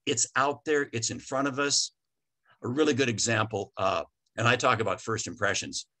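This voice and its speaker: A middle-aged man leads a customer service training session in a bright, forward voice. He tells folksy stories and stops often to restart his sentences. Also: medium pitch, moderate pace. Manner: folksy, storytelling, many fillers and restarts. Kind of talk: seminar talk with anecdotes. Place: presentation to a chamber of commerce audience.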